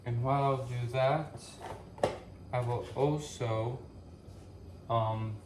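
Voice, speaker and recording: Here a man, a vlogger, cooks breakfast in his home kitchen while chatting casually to viewers through a camera on a tripod. His mid-range voice keeps a steady tone, he speaks slowly, and background noise can be heard. The talk wanders with many fillers as he thinks aloud and self-corrects.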